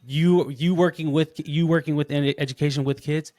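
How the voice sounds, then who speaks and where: A man's voice: fairly high pitch, moderate pace, dry recording. Young guy hosting a podcast, rambles and restarts a lot, dead dry sound. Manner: rambling, animated storytelling with many restarts. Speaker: podcast host. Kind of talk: casual interview chat.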